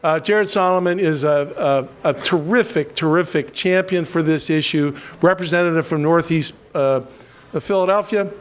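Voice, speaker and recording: High-voiced halting rally emcee man. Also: smooth. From western Pennsylvania. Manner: halting, many restarts, self-deprecating jokes.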